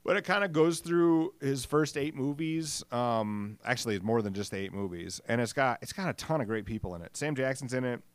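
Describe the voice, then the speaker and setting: A man's voice: mid-range voice, moderate pace, hardly any pauses, no room sound. Man, middle-aged, casual rambling monologue, self-deprecating, swears, dry sound. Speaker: podcast host. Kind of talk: casual solo podcast monologue.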